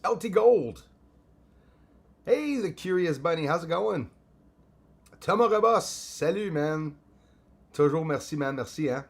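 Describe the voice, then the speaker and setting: A man's voice: on the high side, expressive, measured pace, gravelly, pauses often, husky. Casual Canadian man greeting live viewers. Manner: greets viewers by name, switches into French. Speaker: live-stream host. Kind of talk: casual live-stream chat.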